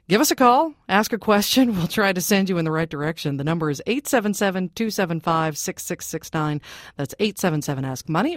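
Lively woman hosting a radio show. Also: fairly low pitch, no echo, studio quality. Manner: lively, conversational. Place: radio studio.

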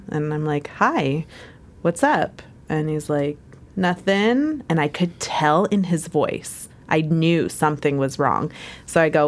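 Slow, low-voiced woman recalling. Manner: halting, hesitant retelling. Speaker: interviewee. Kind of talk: personal recollection.

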